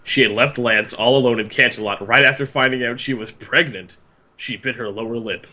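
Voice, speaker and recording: A male podcast host reading a fan story aloud, with expressive delivery and lots of banter and laughter. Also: mid-range voice, fairly quick, a little hiss or hum. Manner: expressive, with frequent laughter and outbursts.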